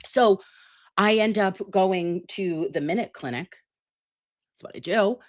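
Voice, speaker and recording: A woman's voice: mid-range voice, a little slow. A woman hosting a casual livestream chat, brassy, profane and dramatic while recovering from a sinus and ear infection. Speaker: livestream host.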